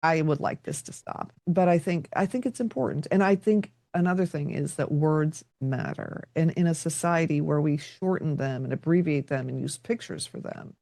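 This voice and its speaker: Gravelly low woman telling stories. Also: normal speed, hardly any pauses, warm tone, dry recording, clean studio sound. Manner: reflective, tells stories with quoted dialogue. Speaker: podcast guest. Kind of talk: conversational interview.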